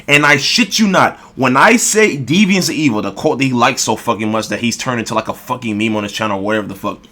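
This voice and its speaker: A man ranting as a gaming video creator, openly irritated and swearing constantly. His voice sits at a middling pitch as he pushes through his argument. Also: quick pace, bright, forceful tone. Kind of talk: ranting response commentary.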